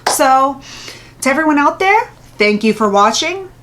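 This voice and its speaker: A woman's voice: sits high, big pitch swings, a little slow, fairly bright tone. A woman vlogger telling a story in a casual, chatty way, full of fillers and little laughs.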